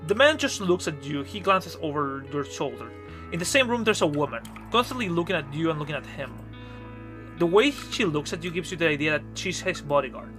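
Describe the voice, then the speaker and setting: A man's voice: on the high side, lively intonation, a little fast, a bit bright. A man acting as game master, narrating a tabletop horror game in a conversational way, with fillers and asides. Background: faint music.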